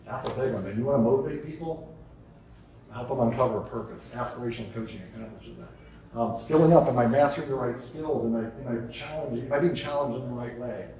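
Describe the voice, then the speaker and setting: A keynote speaker with a mid-range male voice talks at a quick pace to an audience in a large conference hall, telling energetic stories and firing off rhetorical questions. The distant mic picks up an echoey hall and slight background noise.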